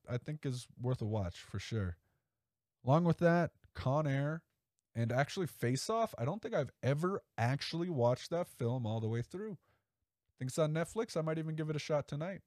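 A man's voice: on the high side, darkish tone, dry recording, studio quality. A man hosting a casual solo podcast, rambling and enthusiastic, with frequent swearing. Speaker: podcast host.

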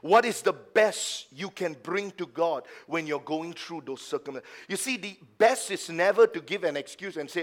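Preaching pastor, high-voiced man. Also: animated, moderate pace, hardly any pauses. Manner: swings from hushed, low asides to loud, emphatic preaching; acts out the lines of doubters in a mocking tone. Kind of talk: sermon. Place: church service.

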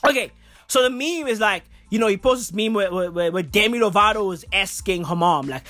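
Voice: mid-range voice, brisk, fairly bright tone. A vlogger ranting casually, with heavy slang, constant swearing, and stammered restarts. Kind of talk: casual profane rant.

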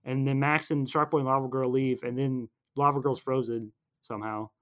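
A man's voice: medium pitch, steady tone, fairly bright tone. Rambling young man recapping a movie. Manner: rambling, playful, acts out characters in quick silly voices. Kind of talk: casual chat, recapping a film.

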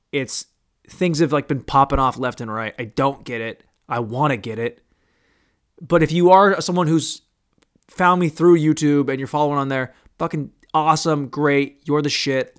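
A man's voice: on the high side, a bit bright. A man hosting a casual podcast on his own, rambling crudely and mocking himself as he talks. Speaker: podcast host. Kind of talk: casual solo podcast monologue.

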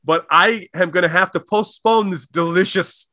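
A man putting on the voice of an overexcited lustful husband, shouting and over the top. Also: high voice, normal speed, no room sound, studio quality, voice pushed up. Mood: mock-romantic.

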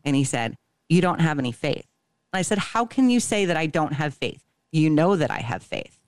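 A woman's voice: low-pitched, big pitch swings, moderate pace, darkish tone, dry recording. Woman telling a story in a dry room. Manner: profane, acts out dialogue. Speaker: podcast co-host. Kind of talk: casual storytelling.

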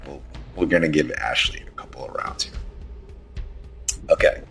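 A man's voice: very deep voice, normal speed, vocal fry, fairly bright tone, breathy edge, soft background music. A man running a tabletop game as game master, narrating the action in an easygoing way. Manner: easygoing, descriptive, laughs often.

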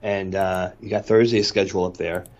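A man's voice: sits low, level tone, moderate pace, darkish tone. A middle-aged man co-hosting a podcast, chatting casually and telling rambling stories with wry complaints, a bit worn down by allergies. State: congested from allergies. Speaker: podcast co-host.

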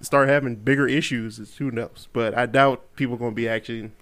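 A man's voice: mid-range voice, fairly even intonation, fairly quick, a bit bright. A man co-hosting a casual podcast, giving opinions and stretching words for emphasis. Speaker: podcast co-host.

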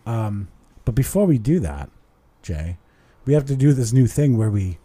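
Animated, profane male podcast host. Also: mid-range voice, normal speed. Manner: animated storytelling, swears a lot. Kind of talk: casual chat.

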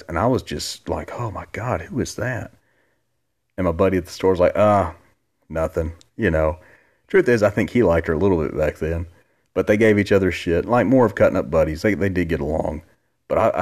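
Deep-voiced male podcast host in his forties, laid-back storyteller who swears freely. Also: a little mellow. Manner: laid-back, rambling, profanity, jumps up high quoting others. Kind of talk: casual storytelling.

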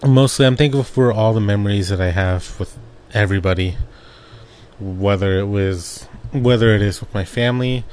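A young podcast host from Arizona delivers a casual personal monologue into his own desk microphone, rambling and laughing often as he shares family stories. His voice is lowish, a little mellow and smooth, at normal speed.

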